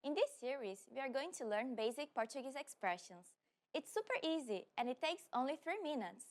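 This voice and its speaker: High-voiced woman hosting a language lesson. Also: expressive. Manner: friendly instructional tone, slows down for repetitions. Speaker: language teacher and host. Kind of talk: scripted beginner lesson.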